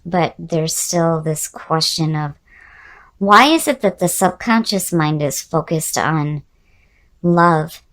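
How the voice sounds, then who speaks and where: A woman giving a casual tarot reading who is losing her voice and sounds hoarse. She muses aloud, repeats key words and speaks straight to the viewer. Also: low voice, lively intonation, slow pace, a bit bright. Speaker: tarot reader.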